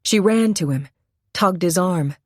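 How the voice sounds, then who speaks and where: A woman's voice: lowish voice, measured pace, no room sound, studio quality. A woman narrating a suspense audiobook in a tense, dramatic reading.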